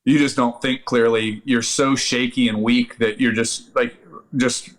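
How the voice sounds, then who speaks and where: A middle-aged man spins an Army story on a podcast. His voice sits in an ordinary middle register. He swears freely and jumps into loud, shouted impressions of the people in the story. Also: medium pitch, measured pace. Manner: animated, profane, acts out yelling quotes. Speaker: podcast guest, Army veteran. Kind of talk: casual storytelling.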